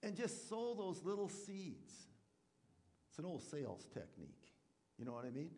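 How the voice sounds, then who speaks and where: Pastor guy preaching, kinda high voice, chatty w/ lots of questions to the folks, big echoey church hall. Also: big pitch swings, normal speed, dark tone. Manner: conversational preaching with rhetorical questions and acted-out asides. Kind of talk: sermon.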